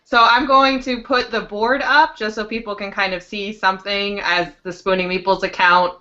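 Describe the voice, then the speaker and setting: A woman's voice: mid-range voice, fairly even intonation, normal speed, bright, forceful tone. A woman co-hosting a live board game stream, playful and teasing. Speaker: podcast co-host. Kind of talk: casual live-stream chat. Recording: muffled web call audio.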